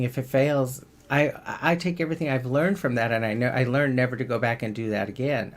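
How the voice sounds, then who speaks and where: A man's voice: mid-range voice, a little hiss or hum. A man giving a casual motivational talk on self-help, rambling a little and repeating words as he searches for the next thought.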